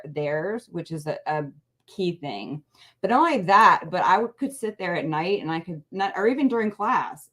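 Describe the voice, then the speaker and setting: Rambling lower-voiced woman talking politics. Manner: rambling, many restarts and fillers. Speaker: guest, parent advocacy co-founder. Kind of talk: casual political chat.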